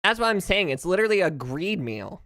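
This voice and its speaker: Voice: mid-range voice, a little fast, dry recording, studio quality. A streamer from the United States, chatting casually over gameplay and ranting in a jokey way. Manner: animated, jokey, ranting, laughs often. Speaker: VTuber streamer. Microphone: close streaming mic.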